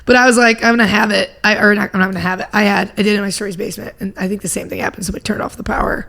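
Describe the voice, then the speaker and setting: A woman's voice: mid-range voice, very fast, creaky. A young woman from Indiana, a comedian telling stories in casual chat and acting out the people in them. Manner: animated storytelling with acted-out quotes. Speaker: comedian guest.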